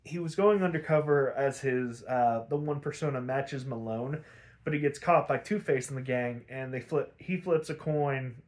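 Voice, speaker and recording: A man's voice: medium pitch, moderate pace, a little mellow. A young man hosting a podcast, recapping a cartoon episode in a loose, chatty way, full of fillers, swearing and laughter. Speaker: podcast host.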